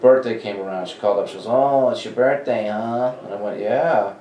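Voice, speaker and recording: This comedy club talent coordinator, a man in his forties with a lowish voice, talks a little fast as he shares anecdotes in a relaxed interview. He animatedly performs the dialogue of the people he quotes, recorded from a distance in a room full of echo.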